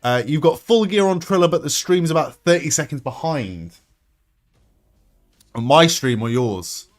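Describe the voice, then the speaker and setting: An excitable young man calls out the action in a lively, swooping voice that sits a little high for a man. He swears freely and laughs often, with faint music playing underneath. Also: unhurried. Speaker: streamer hosting a wrestling watch-along. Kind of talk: live reaction commentary and chat.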